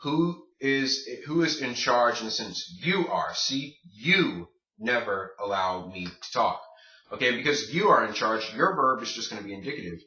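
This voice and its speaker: Man teaching grammar, bright and roomy. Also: mid-range voice, animated, moderate pace. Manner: explains step by step, asks rhetorical questions. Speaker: Spanish teacher. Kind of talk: recorded grammar lesson. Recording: distant, roomy, muffled.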